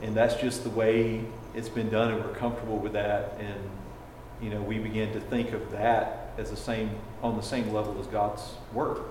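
A man's voice: fairly low pitch, level tone, normal speed. A man in a Bible class, thinking aloud with hedging fillers as he answers. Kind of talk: class discussion. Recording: roomy reverberant classroom, background noise.

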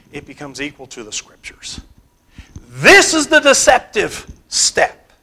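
A man preaching to a Bible class in a high, lively voice that leaps up and down. He speaks slowly and emphatically, repeating key phrases and dropping to quiet asides. His tone is bright and clear. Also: rough recording. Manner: asks the class questions. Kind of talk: sermon-style Bible class teaching.

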